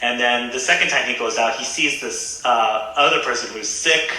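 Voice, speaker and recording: A man's voice: mid-range voice, normal speed, pushed and bright. A man, a Buddhist reverend and guest, telling a story in a casual, hesitant way with many fillers and restarts. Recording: very echoey room.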